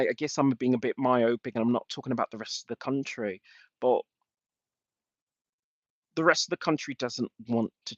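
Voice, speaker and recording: A man livestreaming in an emotional, rambling rant, swearing freely as he answers his chat. His voice sits at a middling pitch. The sound is dull and lo-fi, and very dry. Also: fairly bright tone, no room sound. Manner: emotional, ranting, swears often. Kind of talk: rambling live-stream talk.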